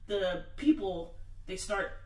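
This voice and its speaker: Animated swearing guy telling a story. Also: high-pitched, takes it slowly, echoey room, far from the mic, poor audio. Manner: animated storytelling, heavy swearing, acts out quotes. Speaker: podcast co-host. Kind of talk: casual chat.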